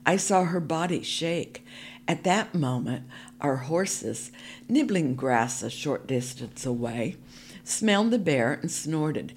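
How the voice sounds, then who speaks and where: A woman reading a storybook aloud for a podcast, narrating in the first person in a calm, measured way. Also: deep voice, a little hiss or hum.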